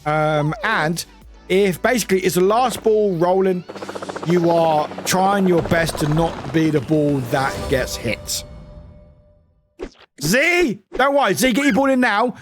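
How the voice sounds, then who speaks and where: A man's voice: high-pitched, lively intonation, slow pace, soft background music. A British man streaming live, chatting casually with viewers, swearing freely and laughing often.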